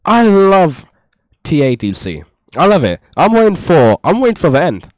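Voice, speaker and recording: A man giving casual reaction commentary in a rambling, exasperated way on a low-quality mic. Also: very animated, normal speed, no room sound. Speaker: reaction streamer.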